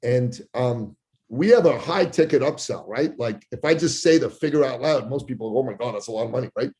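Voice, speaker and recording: Animated storytelling man with a mellow voice. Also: fairly quick. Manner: acts out quoted voices with big pitch jumps. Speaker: podcast guest. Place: Toronto area.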